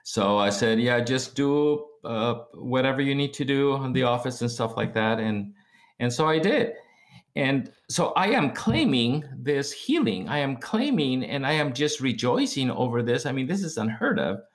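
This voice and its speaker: Man telling a lively faith testimony. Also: moderate pace. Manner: animated, acts out quoted speech with big pitch jumps. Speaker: guest. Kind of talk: testimony storytelling.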